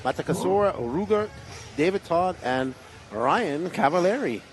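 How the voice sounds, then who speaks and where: A man co-commentating a model car race, briskly reading out drivers and heats. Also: sits high, animated, slight background noise. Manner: brisk, reads out names and lists.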